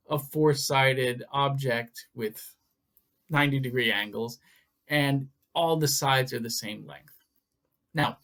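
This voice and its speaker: A man teaching English vocabulary to learners in a video lesson, speaking slowly and stressing each word clearly. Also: medium pitch, fairly bright tone. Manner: slow, deliberate, stresses words for learners. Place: language school lesson video.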